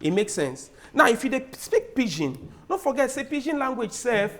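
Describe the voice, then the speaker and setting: A man with a Nigerian accent arguing in a lively TV debate, loud and emphatic, with laughing asides. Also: extremely high pitch, moderate pace. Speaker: debate guest. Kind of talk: animated debate in Nigerian Pidgin.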